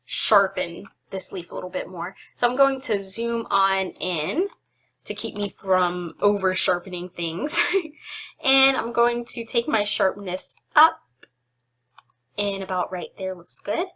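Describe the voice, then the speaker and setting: Bright-voiced woman giving a chatty tutorial. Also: mid-range voice, measured pace. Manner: chatty, giggly, self-deprecating asides. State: slightly out of breath. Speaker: photography tutorial host. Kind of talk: casual screen-recorded software tutorial.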